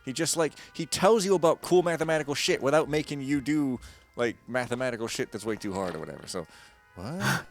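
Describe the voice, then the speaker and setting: A man casually commenting while playing a stealth game, rambling and joking, with sudden loud bursts and quiet mumbles, on a close mic. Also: mid-range voice, expressive, brisk, soft background music. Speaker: gaming streamer. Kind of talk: casual let's-play commentary. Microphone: close desk mic.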